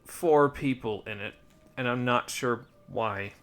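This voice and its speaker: A man's voice: mid-range voice, takes it slowly, fairly bright tone. A man giving casual, rambling commentary while playing a video game, with wry muttered asides. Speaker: let's play streamer.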